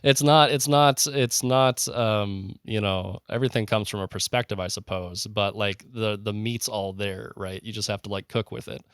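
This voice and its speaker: Male podcast co-host, low-pitched, enthusiastic rambler, dry close mic. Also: normal speed, hardly any pauses, a bit bright, clear, resonant tone, no echo. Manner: enthusiastic, rambling with many fillers and restarts. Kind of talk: casual conversational podcast.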